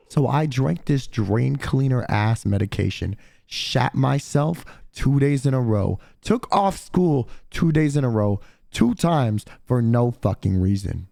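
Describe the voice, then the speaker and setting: A congested young man streaming and swearing his way through an animated story. His voice keeps leaping up and down in pitch, with a gravelly, crackly edge. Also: a little slow, no room sound. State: congested, deepened voice from throat mucus. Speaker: livestreamer. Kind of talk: casual stream chat.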